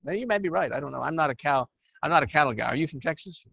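This older man, a counselor and teacher to church leaders, addresses a group informally, his folksy chat drifting into sermon. His voice is fairly high, creaky, and expressive, and he speaks at a racing pace. The dry, muffled lo-fi recording has no room sound.

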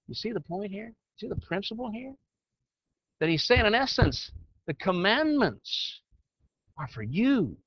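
An older man who counsels and teaches church leaders talks to a group in a folksy, chatty style that drifts into preaching. His fairly high voice has vocal fry, with no echo, in a dry, muffled lo-fi recording.

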